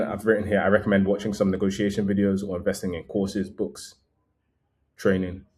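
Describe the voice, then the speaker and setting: A man's voice: low-pitched, darkish tone. A man vlogging casual travel advice in a conversational, meandering way, often correcting himself mid-sentence.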